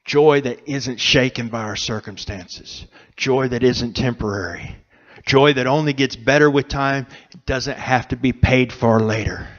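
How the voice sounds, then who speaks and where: Slow, earnest male preacher. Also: mid-range voice, fairly bright tone, muffled recording. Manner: slow, earnest, pausing between phrases. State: emotional, choked up. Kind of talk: sermon. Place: church sanctuary.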